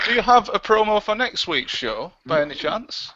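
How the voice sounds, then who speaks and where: A man's voice: high voice, big pitch swings, normal speed, bright, forceful tone, highs cut off, slight background noise. A man hosting a casual livestream chat, laid-back and joking as he wraps up the show. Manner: laid-back, wrapping up with jokes. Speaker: livestream host.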